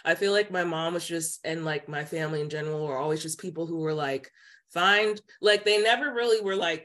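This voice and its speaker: A woman speaking as a podcast guest, telling a personal story in casual chat, filled with "like" and lively quoted voices. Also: on the low side, fairly quick. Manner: chatty, many "like" fillers, animated quoting voices. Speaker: podcast guest, psychic intuitive.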